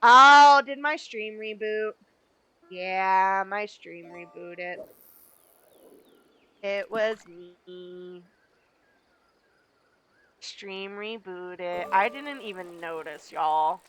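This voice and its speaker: Woman streamer, chatty gameplay commentary, bright voice. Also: mid-range voice, slow pace, clean tone, rough recording. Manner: chatty, talks to her viewers.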